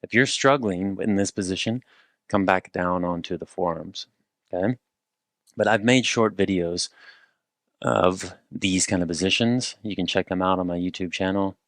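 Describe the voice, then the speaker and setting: Man, exercise instructor, low voice, dry close sound, calm step-by-step cues, playful asides. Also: moderate pace, no echo. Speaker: movement and rehab instructor.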